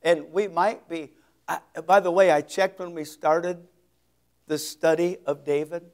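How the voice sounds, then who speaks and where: A male pastor preaching an expository sermon, reading scripture slowly with heavy emphasis and dropping folksy asides. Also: a little high, fairly even intonation.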